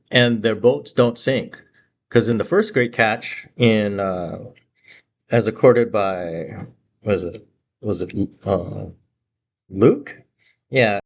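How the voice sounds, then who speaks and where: A man teaching about the Bible in a casual, conversational way, with many fillers and restarts. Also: mid-range voice.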